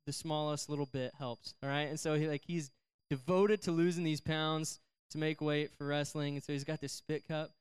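A young man leads a youth service at church, talking to the group in a loose, joking way and telling stories. His voice sits a little high and comes across clean and smooth. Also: fairly even intonation, moderate pace. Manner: chatty, joking, slips into silly voices for characters. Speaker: youth pastor. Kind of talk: casual youth sermon with storytelling.

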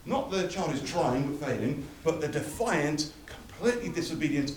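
A man's voice: fairly high pitch, lively intonation, moderate pace, a little hiss or hum. A man preaching a sermon, emphatic and building through repeated phrases, recorded from a distance in a church hall. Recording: echoey hall from far off.

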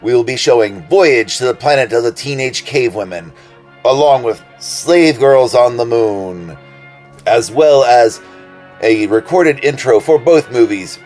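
A man playing a theatrical male doctor who presents the joke of the month with showy flair. His voice sits in a middle register, with soft music running underneath. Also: mid-range voice. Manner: theatrical self-introduction, joke-telling. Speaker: recurring joke segment presenter.

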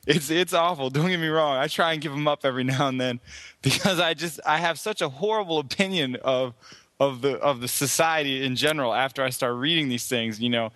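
A man's voice: mid-range voice, pushed and bright, no room sound. A man in casual chat, crude and mocking, laughing often as he talks.

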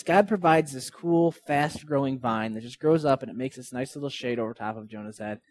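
A man giving an earnest, conversational sermon, retelling and reading Bible passages. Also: mid-range voice. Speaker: pastor.

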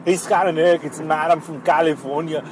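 A man's voice: a little high, steady tone, a little fast, slight background noise, natural voice, low-quality recording. A man phoning in as a caller and putting on a repetitive, clipped impression of an action hero with an Austrian accent. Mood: boastful. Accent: put-on Austrian. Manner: repetitive, clipped, over-the-top.

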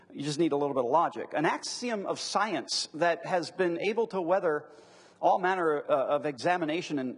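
A man teaching to a live audience in a conversational lecture, repeating key phrases and drawing them out slowly. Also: a little high, slightly rough. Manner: conversational, emphatic repetition, drawn-out key phrases. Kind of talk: classroom lecture on apologetics.

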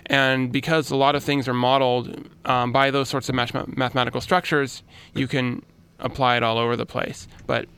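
A man's voice: medium pitch, little pitch movement, moderate pace, fairly bright tone, clean tone. A man with a Californian American accent, a guest mathematician explaining his field casually, with many restarts and fillers in a radio studio. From Los Angeles. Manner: chatty, self-deprecating, frequent restarts and "um"s.

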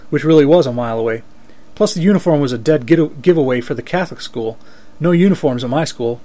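A man reading first-person fiction aloud in a steady, dry storytelling manner. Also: mid-range voice.

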